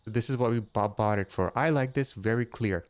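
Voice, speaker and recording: A man hosting a casual let's-play, chatty and jokey, thinking aloud and counting money out loud as he goes. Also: on the low side, a little fast, no echo. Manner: jokey, easily startled. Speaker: gaming channel host.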